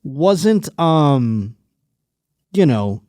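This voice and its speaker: A man's voice: a little high, big pitch swings, extremely slow, a little mellow, dry recording. A man hosting a comedy podcast, telling rambling stories and riffing on the news in casual chat. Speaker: podcast host.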